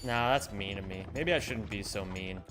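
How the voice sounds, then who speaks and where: A man's voice: on the low side, moderate pace, music in the background. A man streaming a speedrun in casual chat, joking and mocking himself as he reads and answers viewers' messages.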